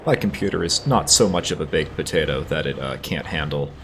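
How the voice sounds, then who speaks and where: A man's voice: a bass voice, fairly quick, slight background noise. A man hosting a let's play, reading game text and chatting wryly over gameplay. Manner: relaxed, wry, easygoing. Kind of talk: casual gameplay commentary and story reading.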